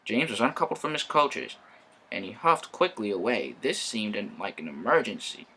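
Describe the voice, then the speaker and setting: Gravelly, lively storybook narrator, a man. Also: lowish voice, normal speed. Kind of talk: reading a children's story.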